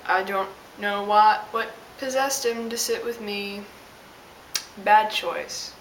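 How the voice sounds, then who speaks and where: A woman's voice: medium pitch, fairly even intonation, slow. A young woman telling an exasperated, sassy story as a casual vlog rant. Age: young adult. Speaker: vlogger. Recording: roomy, distant mic with hiss.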